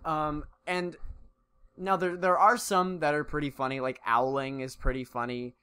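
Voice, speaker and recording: A man's voice: on the high side, steady tone, moderate pace, pushed and bright, clean tone. Rambling man chatting on a podcast. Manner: rambling, many restarts. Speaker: podcast co-host. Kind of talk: casual chat. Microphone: podcast mic.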